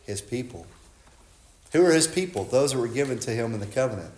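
A man preaching a sermon, impassioned, swinging from loud cries to hushed tones. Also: medium pitch, expressive, a little fast, reverberant.

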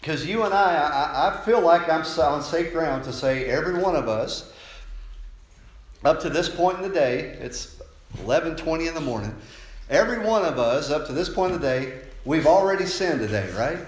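A man's voice: fairly high pitch, lively intonation, moderate pace. A man preaching a sermon in a conversational style, often checking in with listeners. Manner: conversational preaching, frequent "right?" tag questions. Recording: echoey room, faint noise.

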